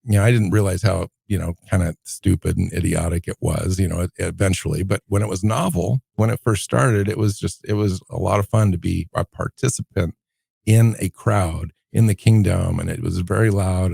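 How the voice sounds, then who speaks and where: A man in his fifties with a very deep, heavily gravelly voice, telling stories in a relaxed way. The tone is dark and a little husky, and the dry recording has almost no room echo. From Seattle area, USA. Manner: unhurried, reminiscing storyteller. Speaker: podcast co-host. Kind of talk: casual podcast chat.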